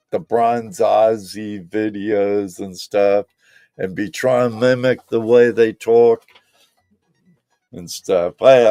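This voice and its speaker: Socal guy rambling on his live show, gravelly voice, faint music behind. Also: on the low side, warm tone, dry recording. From Southern California. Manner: rambling, laid-back, talks straight to viewers. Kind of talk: casual live-stream chat.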